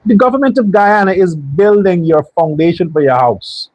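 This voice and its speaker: A man with a high, husky voice delivers a heated political commentary monologue as host of his show. He is blunt and profane, and he keeps stacking rhetorical questions. The sound is close and dry. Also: animated, moderate pace, no room sound, dull audio.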